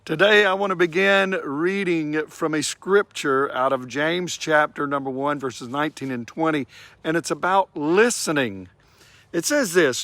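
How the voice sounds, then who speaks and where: Unhurried, fairly high-voiced man preaching. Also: no echo. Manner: warm, unhurried, stretches key phrases for emphasis. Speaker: devotional speaker. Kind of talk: short devotional talk.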